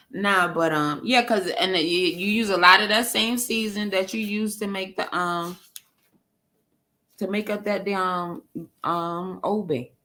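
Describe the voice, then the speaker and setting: A woman's voice: mid-range voice, slow, pauses often, sharp tone. A woman with a New York accent chatting on a panel, blunt and profane, laughing often. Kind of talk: casual panel chat.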